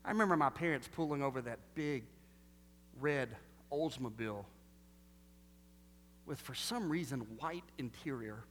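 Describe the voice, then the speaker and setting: A man preaching a sermon, animated and full of rhetorical questions, swinging between loud bursts and hushed lines. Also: mid-range voice, a little slow, long pauses, slight background noise. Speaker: pastor. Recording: long reverb of a large hall.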